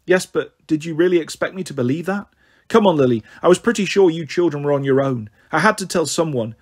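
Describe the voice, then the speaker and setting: Soft sorry schoolteacher guy, read by a man, gentle and fretful, husky voice. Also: on the high side, animated, a little fast. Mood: apologetic. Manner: gentle, anxious, apologetic. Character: kind, apologetic male schoolteacher.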